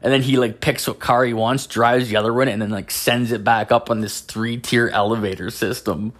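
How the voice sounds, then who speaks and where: A man's voice: mid-range voice, steady tone, moderate pace, a bit bright. A man telling a story in a casual monologue, swearing constantly and rambling with lots of filler words. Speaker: podcast host.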